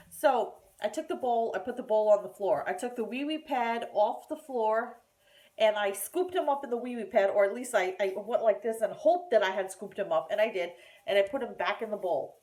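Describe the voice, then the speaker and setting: A woman telling a story in a casual home vlog, chatty and animated, with plenty of fillers and restarts. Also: medium pitch, moderate pace. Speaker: vlogger. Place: at home by a kitchen counter.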